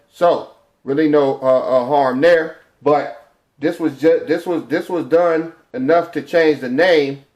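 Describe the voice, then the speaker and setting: Slow talking guy going over a chart, lots of uh uh, sounds out letters one by one. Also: medium pitch, a little mellow. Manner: halting, with many repeated fillers, sounding out letters and syllables. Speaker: religious teacher. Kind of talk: informal teaching from a chart.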